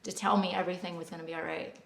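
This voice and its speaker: A woman's voice: lowish voice, very fast, creaky. A woman co-hosting a podcast, telling a personal story in a casual, chatty way with lots of "like" fillers. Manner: chatty, many "like" fillers, animated retelling. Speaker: podcast co-host. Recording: echoey room.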